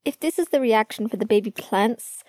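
A woman's voice: on the high side, moderate pace, darkish tone, dry recording, close to an everyday voice. A woman voicing a sleepy, blunt young man. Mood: grumpy.

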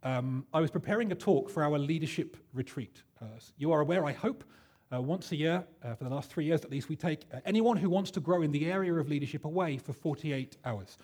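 A pastor delivering a sermon in a chatty, self-deprecating storytelling way, with plenty of fillers. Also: male voice, a little high, brisk, a little mellow, breathy edge.

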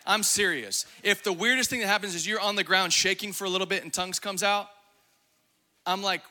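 Fiery high-voiced male preacher. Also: fairly quick. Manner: fiery, exuberant, shouting and laughing at times; acts out quoted voices in his preaching. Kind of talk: sermon.

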